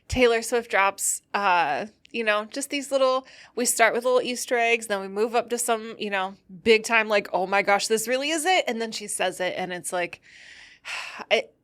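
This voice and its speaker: A woman hosts her own podcast in casual solo chat, her voice pitched a little high. She sounds tired and loopy, rambling through a story with frequent laughter and a giddy edge. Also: fairly bright tone. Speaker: podcast host.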